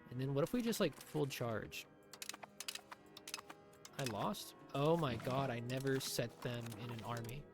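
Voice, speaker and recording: A man's voice: medium pitch, unhurried, long pauses, music in the background. A man doing live commentary on his own strategy game, talking to himself in a sarcastic, swearing way. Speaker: streamer.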